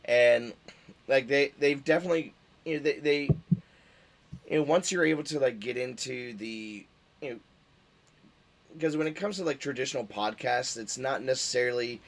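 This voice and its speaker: A man of middling pitch hosts a casual streamed interview. He talks hesitantly and stacks up fillers as he hunts for his words. He laughs along with his guest a lot. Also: normal speed, pauses often. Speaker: stream host.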